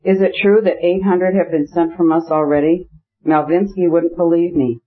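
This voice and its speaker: A man's voice: fairly high pitch, steady tone, moderate pace, phone-quality sound, voice pushed up, natural voice. A male narrator voicing an eager, chatty society princess in an audiobook. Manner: chatty, gushing.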